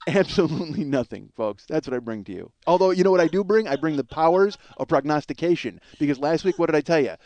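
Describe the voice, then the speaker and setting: A man's voice: fairly high pitch, animated, quick pace, hardly any pauses, darkish tone, no room sound, lo-fi sound. A man hosting his own podcast, delivering a profane, rambling comedic monologue that mocks himself as much as anyone. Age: middle-aged. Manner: profane, ranting, self-mocking. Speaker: podcast host.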